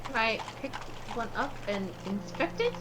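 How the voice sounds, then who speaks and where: A woman's voice: a little high, animated, moderate pace, noisy background. A woman playing in a tabletop game, chatting in a playful, bubbly way over an online voice call. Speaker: player.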